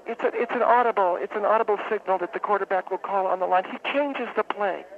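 A woman calling in to a radio show, telling a long story in a halting, rambling, deadpan way. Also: medium pitch. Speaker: radio caller. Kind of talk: phone-in storytelling. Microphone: telephone. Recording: tinny phone line with faint hiss.

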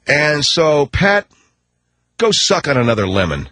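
A man delivering a combative talk-radio rant, sarcastic and quick, and jumping high in pitch when he gets heated. His voice is husky and sits close and dry, with no room echo. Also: big pitch swings, bright, forceful tone. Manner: combative, sarcastic, rapid ranting. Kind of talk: ranting talk-radio commentary.

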